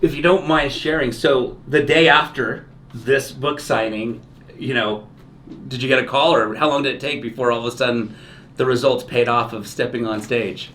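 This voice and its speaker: A man's voice: mid-range voice, fairly even intonation, moderate pace, a bit bright. A man hosting an interview, encouraging his guest with short affirmations and asking follow-up questions. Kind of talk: interview conversation. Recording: faint ambient noise.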